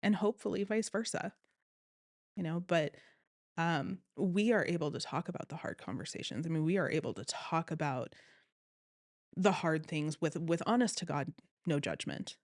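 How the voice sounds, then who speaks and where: A woman telling her own story as an interview guest, earnest and animated, often quoting what others said. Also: low-pitched, normal speed, no echo, clean studio sound. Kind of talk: personal story in conversation.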